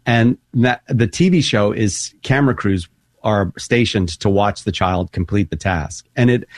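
A man's voice: on the low side, measured pace, dry recording. A man co-hosting a casual radio show, chatting eagerly and enthusiastically. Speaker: co-host.

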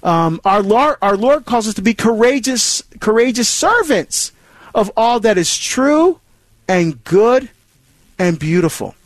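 Hosting a Catholic call-in radio show on scripture, this man speaks a little slowly in a high voice with big pitch swings, recorded dry. His earnest talk about faith includes many restarts and repetitions.

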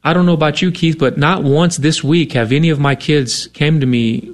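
A man's voice: fairly high pitch, fairly even intonation, normal speed. Earnest radio co-host man making an appeal. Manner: earnest, conversational, many fillers.

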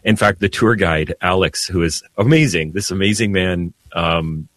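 A man, a priest, telling heartfelt stories in an animated way on a radio talk show. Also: deep voice, normal speed, no room sound. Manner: emotional, animated storyteller with laughs. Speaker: priest guest. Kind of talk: storytelling radio conversation.

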